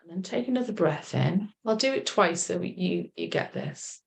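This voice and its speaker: A woman coach leading a group session over a video call, guiding a relaxation exercise in a gentle, encouraging, chatty way. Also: fairly low pitch, expressive, normal speed, vocal fry. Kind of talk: guided relaxation instruction.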